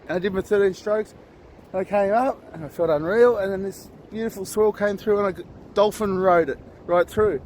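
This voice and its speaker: A man's voice: high voice, a little mellow, a little hiss or hum. Laid-back Australian man at the beach. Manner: laid-back, swears freely, rambling. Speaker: vlogger. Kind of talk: casual outdoor vlog. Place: outdoors at a beach.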